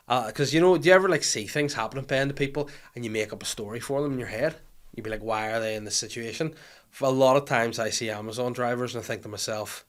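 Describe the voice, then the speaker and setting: A man's voice: medium pitch, quick pace. A man with a Northern Irish accent hosting a podcast, telling comic stories with lots of swearing and acted-out voices. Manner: animated, swears freely, acts out voices in anecdotes. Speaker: podcast host. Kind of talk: comic storytelling chat.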